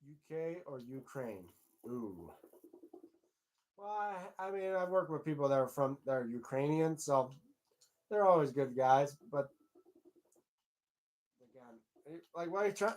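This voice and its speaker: Rambling casual livestream host, man. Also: fairly high pitch. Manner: rambling, loose, swears casually.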